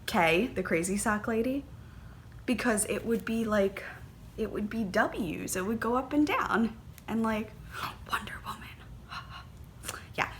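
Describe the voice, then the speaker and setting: A woman hosting a knitting podcast, chatting casually and gushing excitedly, with plenty of fillers and little gasps. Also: fairly high pitch, unhurried, slight background noise. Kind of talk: casual chat.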